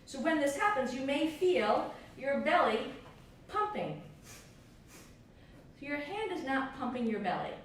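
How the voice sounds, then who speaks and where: A woman guiding a yoga class in a gentle, encouraging way, often asking the listener how they feel. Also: sits high, big pitch swings, unhurried, long pauses. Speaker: yoga teacher. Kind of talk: guided yoga class instruction. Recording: echoey room, mic far off, faint hiss.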